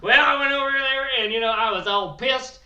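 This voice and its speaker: Brash high bright redneck braggart, put on by a comic host, echoey room. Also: male voice, a little fast, distant mic, muffled recording, exaggerated voice. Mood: boastful. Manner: boastful, rambling, crude. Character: crude rambling redneck man living in a truck.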